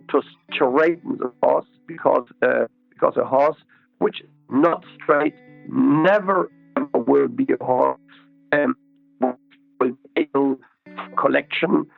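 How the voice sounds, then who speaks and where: A man, a riding expert being interviewed, explaining slowly and methodically and repeating his key words. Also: fairly high pitch, creaky, no room sound, phone-quality sound, faint music behind.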